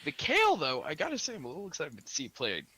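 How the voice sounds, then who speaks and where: Bright-voiced male esports caster. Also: a little high, wildly swooping pitch, racing, husky. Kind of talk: live esports commentary.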